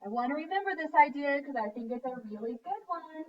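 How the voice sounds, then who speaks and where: Female primary teacher, clear and encouraging, slightly high, muffled and set back from the mic. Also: animated, far from the mic, a little hiss or hum. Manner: slow, clear and encouraging, sounding out words. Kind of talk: early-grade writing lesson.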